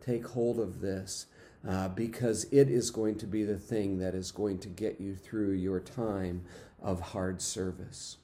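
A man preaching a sermon, unhurried, with fillers and repeated phrases. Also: low-pitched, fairly even intonation, warm tone. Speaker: pastor.

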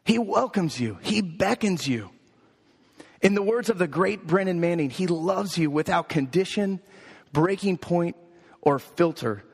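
A man's voice: sits high, animated, a little slow, creaky, breathy edge. A man preaching a sermon as pastor, building emphatic, repeated lines in a rhythmic cadence. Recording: echoey hall.

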